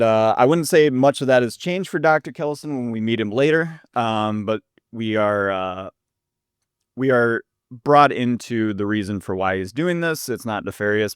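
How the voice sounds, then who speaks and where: A man with a lowish, smooth and clear voice talks through a film's plot in a relaxed podcast chat, leaning on ums and uhs as he goes. The sound is dry and close. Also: no echo. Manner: relaxed, recaps plot with many fillers. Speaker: podcast co-host. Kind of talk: casual film review chat.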